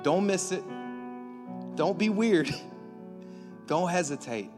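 High-voiced, energetic male preacher. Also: takes it slowly. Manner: energetic, rising to near shouts. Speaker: pastor. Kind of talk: sermon. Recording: echoey hall with faint music.

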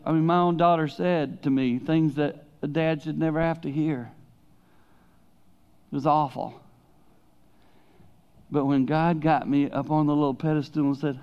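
A man's voice: on the high side, smooth, dull audio. A middle-aged man, preaching a sermon as a traveling preacher, speaking candidly and telling stories with animation. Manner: candid, confessional, animated storytelling. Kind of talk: sermon to a youth congregation.

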